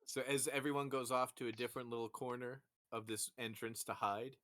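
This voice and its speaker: A man's voice: mid-range voice, level tone, fairly quick, fairly bright tone. A man narrating as game master of a tabletop role-playing session, who also puts on a dwarf hireling in broken speech.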